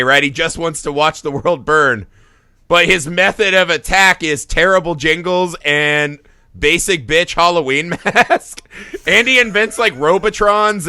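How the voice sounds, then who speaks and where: A man's voice: high voice, no room sound, clean studio sound. A man co-hosting a film podcast, talking casually and with energy, swearing freely and laughing often. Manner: animated, profane, laughs often. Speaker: podcast co-host.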